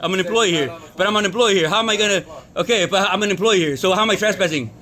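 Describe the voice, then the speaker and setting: A man's voice: high-pitched, rapid-fire, bright, forceful tone. A man filming on his phone inside a store, arguing in an agitated, repetitive way as an employee. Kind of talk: filming a workplace confrontation.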